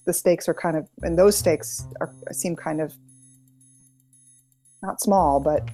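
A woman's voice: low-pitched, dark tone, faint music behind. A middle-aged woman from New England chatting casually about a TV show, often restarting her sentences. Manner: halting, many restarts. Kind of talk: casual chat.

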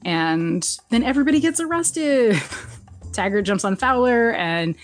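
A woman casually recapping a TV episode as a podcast co-host, animated and laughing often, jumping up in pitch when she quotes characters. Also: a little slow, soft background music. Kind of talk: casual chat.

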